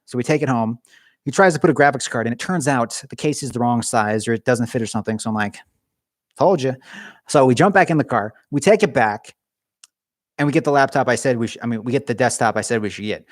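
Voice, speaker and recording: A man's voice: mid-range voice, fast talker, no room sound. Rambling, jokey male livestreamer in a dry garage. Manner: rambling, jokey, self-mocking. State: cold. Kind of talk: casual livestream chat. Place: home garage.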